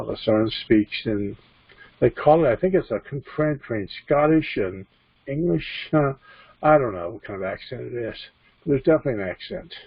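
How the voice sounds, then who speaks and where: A man teaching as a spiritual medium, halting and repeating himself, on a dull, dry computer recording. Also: fairly low pitch, vocal fry, slightly rough, no echo. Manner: halting, repeats and restarts phrases. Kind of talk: teaching talk. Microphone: computer mic.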